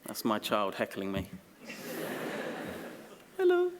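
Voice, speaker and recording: A man delivers a dry, self-deprecating graduation speech, full of halting ums and deadpan asides. His voice sits on the low side. It rings out with a long echo through a large ceremony hall. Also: background noise. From Essex, England. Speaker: honorary graduate giving an acceptance speech.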